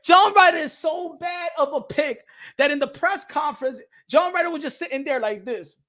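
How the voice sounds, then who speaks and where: A man's voice: very high-pitched, normal speed, a bit bright. A man hosting a boxing commentary show, ranting in a heated, profane and mocking way, often breaking into laughter. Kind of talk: opinionated rant to camera.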